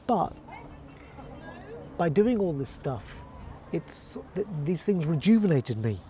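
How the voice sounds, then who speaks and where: A man with a fairly high but mellow voice talks through a verse lesson, breaking off to read lines slowly and with care. Faint traffic noise sits behind him. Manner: explains calmly, then reads lines aloud slowly and deliberately. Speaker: teacher.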